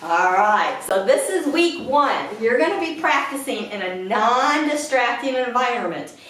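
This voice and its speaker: A woman dog trainer giving an instructional lesson indoors at home, breaking into a high sing-song voice to praise the dog. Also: animated, unhurried, fairly bright tone. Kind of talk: instructional talk to camera. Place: indoors in a house. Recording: echoey room, mic at a distance.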